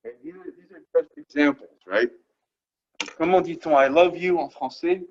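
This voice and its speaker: A man's voice: fairly high pitch, moderate pace, lo-fi sound. A man teaching French vocabulary to a class, explaining each phrase patiently and checking in after each one. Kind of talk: classroom lesson.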